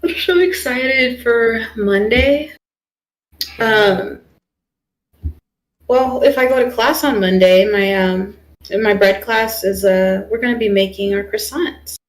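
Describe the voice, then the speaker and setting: A woman's voice: on the high side, slow, poor audio. A young woman streamer chatting casually while she draws, rambling with lots of fillers. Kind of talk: casual chat while drawing.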